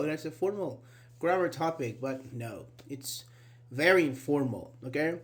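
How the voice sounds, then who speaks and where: Male English teacher, slightly higher voice, patient and repetitive, lots of "actually" and "uh-huh". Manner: explains slowly, asks students questions, repeats key words. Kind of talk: live online grammar class.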